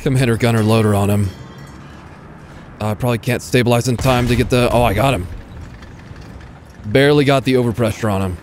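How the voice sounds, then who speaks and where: A man giving casual commentary over his own gameplay, excitable, swearing freely and talking to enemy tanks. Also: mid-range voice, brisk, long pauses, a little hiss or hum. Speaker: gaming YouTuber.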